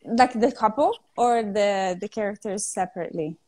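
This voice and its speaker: A woman with an Italian accent, chatting casually on a phone live stream, halting and self-deprecating, laughing often. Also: medium pitch, darkish tone.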